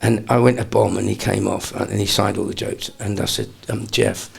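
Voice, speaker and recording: A man in his sixties, a comedian guest telling lively anecdotes in an interview and dropping into quick impressions. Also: lowish voice, creaky, slightly rough. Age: 60s. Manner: animated storyteller, slips into quick impressions.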